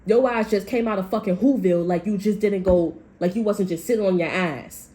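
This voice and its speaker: A woman's voice: fairly low pitch, steady tone, fast talker, dark tone. A woman giving a casual tarot reading, talking in a blunt, profane, rambling way. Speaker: tarot reader.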